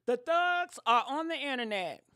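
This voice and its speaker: A woman hosting casual livestream commentary in an animated, sassy way, talking straight to her viewers. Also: sits high, unhurried, heavy background noise. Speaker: commentary channel host.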